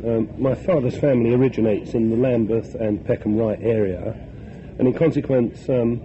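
A man's voice: medium pitch, fairly even intonation, normal speed. Man from north london, radio guest, has a cold, hesitant, lots of ums, old dull radio recording, hiss. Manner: hesitant, many ums, earnest. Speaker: radio phone-in guest, poet and author. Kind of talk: live radio interview.

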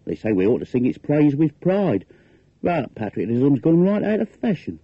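An actor reading as a cynical Cockney working man who grumbles his way through a comic verse, firing off rhetorical questions with a lively, swooping pitch. The voice is husky and a little rough. It sounds dry and dull, like an old radio recording. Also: normal speed, no echo, full character voice. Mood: wry grumbling.

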